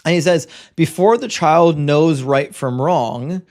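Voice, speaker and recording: A man hosting a live debate stream, with a voice pitched a little high. He talks bluntly and lectures his callers, often restarting his sentences with quick stammers. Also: darkish tone. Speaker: debate show host. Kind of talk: live-stream debate and reading super chats.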